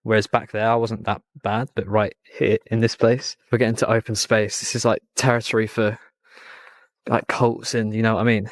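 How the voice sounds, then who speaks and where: A man's voice: on the low side, level tone, moderate pace, dry recording. Nervous, breathless man outdoors. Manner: nervous, swearing, jittery. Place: outdoors at night.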